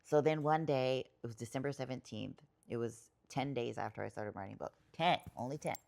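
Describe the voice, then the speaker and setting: A writer and poet, appearing as a podcast guest, tells a personal story in casual, rambling speech full of fillers and swearing, getting emotional at times. Her bass voice is brisk and creaky, with a darkish tone.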